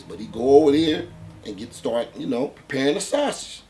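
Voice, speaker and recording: An animated man telling a gritty street story, his voice rising and falling with the drama. He talks in a profane, casual way, peppering lines with "man", and sits a little higher in pitch than most men. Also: brisk, vocal fry, a little hiss or hum. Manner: animated, profane, conversational, with many "man" fillers. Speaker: storyteller, channel host.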